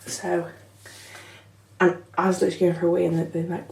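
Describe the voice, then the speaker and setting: A woman's voice: fairly low pitch, level tone, a little fast, vocal fry, very noisy. A young woman telling her story in a chatty, frank vlog, swearing casually. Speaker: vlogger. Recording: echoey room, slightly far from mic.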